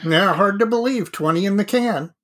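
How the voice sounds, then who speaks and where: A man's voice: sits high, normal speed, a bit bright. A man co-hosting a hobby podcast, chatting in an easygoing, self-deprecating way. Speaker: podcast co-host. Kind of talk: casual podcast chat.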